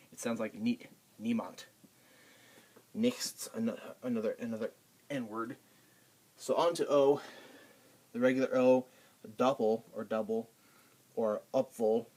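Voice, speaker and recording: Man, casual language tutor, unhurried and halting, mid-range voice. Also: mid-range voice, a little mellow. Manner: halting, many ums and restarts. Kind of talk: casual pronunciation lesson.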